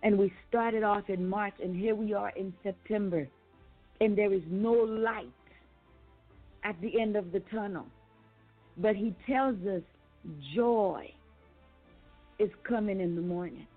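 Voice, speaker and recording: A woman's voice: medium pitch, fairly even intonation, a little slow, long pauses. A woman preaching a sermon, building emphatic repeated refrains. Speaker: preacher and author. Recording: phone-line sound with faint music.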